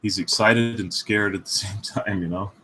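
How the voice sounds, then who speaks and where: Man, tabletop player, very deep voice, faint background hiss, casual. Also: steady tone, normal speed, bright, forceful tone, rough recording. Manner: casual, describing his actions. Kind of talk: casual tabletop game talk.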